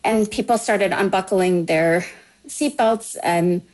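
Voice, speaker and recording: Slow, heartfelt woman storyteller. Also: medium pitch, a little mellow, rough recording. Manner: slow, halting, heartfelt telling. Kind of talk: personal story told to a podcast.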